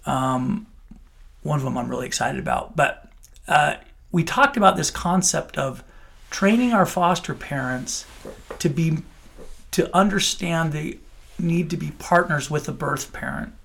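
A middle-aged man talks earnestly in an interview, often restarting his sentences. His voice is gravelly and sits a little high. He sounds heartfelt about the work he describes. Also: lively intonation, measured pace, a bit bright. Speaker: child welfare official. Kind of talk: radio interview answers.

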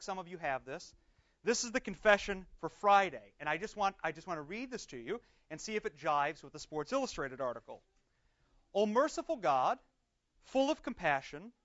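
A man, a pastor, teaches a Bible class in a lively, conversational way, putting questions to the group and slowing down to read prayers aloud. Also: high voice. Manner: lively, conversational, asks questions and answers them. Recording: dull lo-fi recording.

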